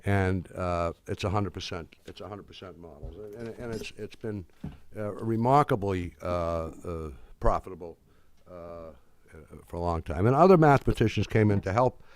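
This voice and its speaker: An older man giving a talk to an audience, telling a story in a halting, wry way with many restarts. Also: low voice.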